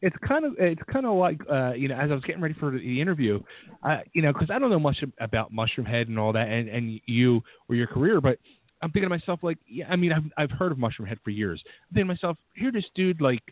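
A man's voice: a little high, sing-song, fast talker, no echo. A man hosting a radio interview, asking rambling questions full of fillers like "like" and "you know.". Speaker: radio show host. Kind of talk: casual interview. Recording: tinny phone-quality line, dry.

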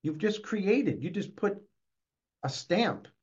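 A man's voice: high-pitched, animated, slow pace. An older man, a motivational speaker and guest, talking emphatically and upbeat in a conversational interview. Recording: dull lo-fi recording.

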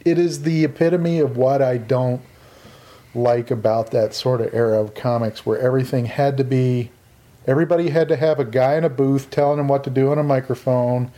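A man's voice: medium pitch, fairly quick, warm tone. A man co-hosting a casual chat, giving wry, firm opinions.

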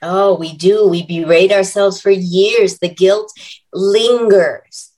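An older woman, an author, speaks as an interview guest in a reflective, measured and earnest way. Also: mid-range voice, fairly even intonation, a little mellow, rough recording. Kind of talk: conversational interview.

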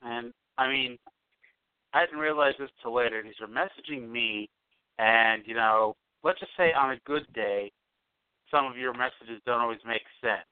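A man's voice: mid-range voice, moderate pace, smooth, no room sound. A man co-hosting a podcast in casual chat, making dry teasing remarks. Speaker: podcast co-host. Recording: dry, tinny phone-like sound.

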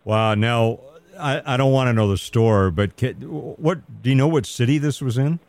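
A man hosting a call-in radio show, talking in a measured, earnest way with hesitant restarts. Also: medium pitch, darkish tone. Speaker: radio talk show host.

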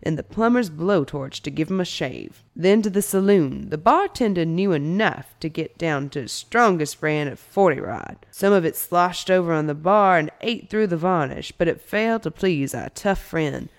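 A woman's voice: lowish voice, normal speed, hardly any pauses. A woman co-hosting a podcast, reading a folktale aloud and then bantering playfully. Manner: lively storyteller, playful banter. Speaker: podcast co-host.

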